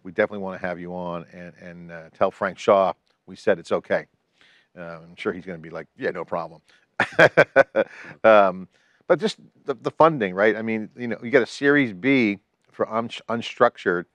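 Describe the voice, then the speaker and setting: A deep-voiced man co-hosts a podcast, chatting about tech in a brisk, rambling way and often restarting his phrases. There's no echo on the recording.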